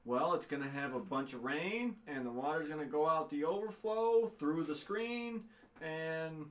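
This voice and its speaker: A man's voice: fairly high pitch, a little slow, a bit bright. A young man co-hosting a casual livestream, reading out donations and explaining things plainly.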